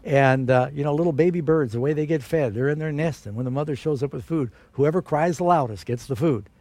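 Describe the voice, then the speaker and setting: Animated male preacher, dry sound. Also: fairly quick, no echo. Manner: storytelling, animated, rises high for emphasis. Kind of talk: sermon.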